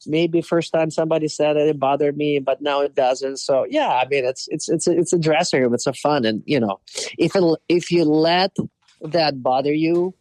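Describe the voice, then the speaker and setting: A man from Russia in his forties, speaking English with a Russian accent as a podcast guest. He tells stories with plenty of "you know" and acts out what others said. His voice sits a bit high and sounds close and dry. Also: normal speed, no room sound. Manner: animated storyteller, acts out quoted voices, frequent "you know". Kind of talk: casual storytelling interview.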